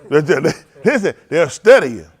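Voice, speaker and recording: A man, a preacher telling loose, animated stories to his congregation, laughing often and repeating himself as he goes. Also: fairly high pitch, fairly quick, husky. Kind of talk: loose storytelling sermon.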